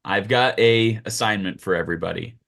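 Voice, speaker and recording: A man's voice: on the low side, gravelly, fairly bright tone. A man doing a bossy minion boss's interpreter. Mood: commanding. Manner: brisk, bossy briefing. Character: gruff male interpreter for a boss, commanding.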